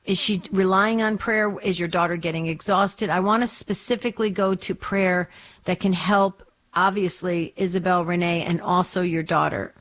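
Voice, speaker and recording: A woman hosting a religious call-in radio show, chatting and gently asking callers probing questions. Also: lowish voice, fairly even intonation, moderate pace.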